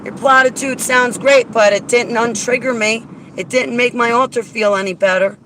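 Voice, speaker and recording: A woman's voice: a little high, steady tone, moderate pace, sharp tone, low-quality recording. A woman venting bluntly and argumentatively in a casual vlog. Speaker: vlogger. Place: in and around a car outdoors. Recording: outdoor traffic noise.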